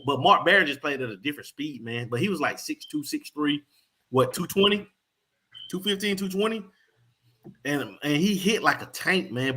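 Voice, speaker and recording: A man's voice: on the high side, pushed and bright. A man co-hosting a sports talk show, emphatic and hyped, repeating names for emphasis. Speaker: podcast co-host.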